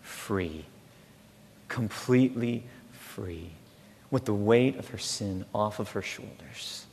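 A man preaching a sermon as pastor, rising loud on key words and falling to a slow, soft hush. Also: fairly low pitch, creaky. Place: church. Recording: long hall reverb, faint room noise.

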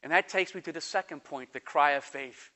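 High, bright-voiced man preaching. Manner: animated storytelling, quick bursts, slows for scripture. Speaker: pastor. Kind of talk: sermon with personal story.

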